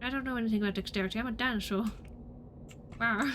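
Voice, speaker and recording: Bright-voiced woman streamer playing a game. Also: on the high side, a little hiss or hum. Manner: playful, reads narration quickly. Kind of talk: let's play, reading game text aloud.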